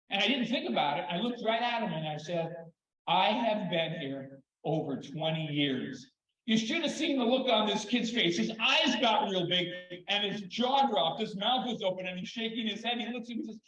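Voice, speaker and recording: An older man and children's therapist giving a conference talk, telling stories in an animated way with dramatic pauses. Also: high-pitched, slight background noise. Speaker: keynote speaker, children's therapist. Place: large conference hall. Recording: echoey hall, slightly dull sound.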